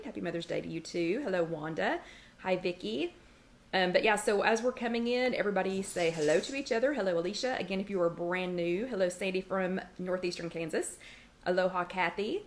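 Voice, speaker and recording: A middle-aged woman hosts a casual livestream from her home kitchen. She greets viewers by name, reads their comments aloud and scolds her dog between remarks. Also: mid-range voice. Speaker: host of a weight-loss support livestream.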